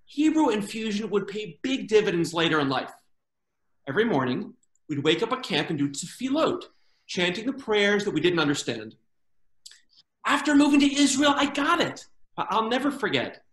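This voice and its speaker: A man performs a stand-up bit over a video call, his pitch bouncing all over as he jokes. His voice carries a roomy echo. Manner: animated, jokey, acts out voices in quotes. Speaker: comedian. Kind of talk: stand-up comedy routine.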